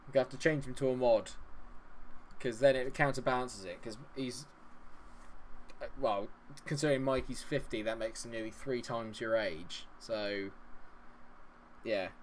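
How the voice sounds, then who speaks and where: A man's voice: medium pitch, normal speed, long pauses, a little hiss or hum. A young man streaming a game, chatting and joking with viewers, laughing often. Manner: chatty, jokey, laughs often, talks to chat. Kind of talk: live-stream chat with viewers.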